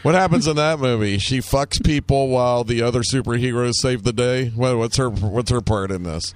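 A man's voice: medium pitch, moderate pace, slight background noise. A man hosting a talk show, bantering in a crude, sarcastic way. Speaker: radio show host. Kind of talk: casual chat.

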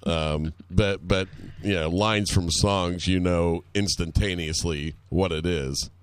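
Very deep-voiced man, rambling casually. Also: fairly even intonation, takes it slowly, slight background noise. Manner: rambling, hesitant restarts, swears casually. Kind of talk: casual chat.

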